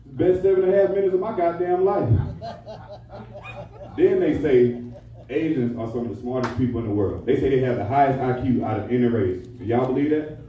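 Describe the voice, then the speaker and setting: A man's voice: a little high, lively intonation, a little fast, dark tone, distant mic, lo-fi sound. A man doing a crude, profane stand-up routine on a handheld mic in a nightclub. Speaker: stand-up comedian. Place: nightclub stage. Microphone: handheld stage mic. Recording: echoey club, voice from afar.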